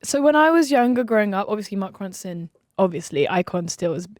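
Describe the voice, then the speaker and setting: A woman's voice: medium pitch, expressive, a little fast, a little mellow, no room sound, clean studio sound. Giggly young woman guest. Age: young adult. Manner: giggly, stumbling, self-correcting. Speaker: musician guest. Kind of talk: casual interview chat.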